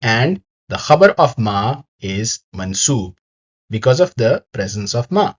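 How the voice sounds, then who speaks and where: A man narrating a scripted Arabic grammar lesson, explaining each example slowly and carefully. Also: medium pitch, sing-song, breathy edge, highs cut off.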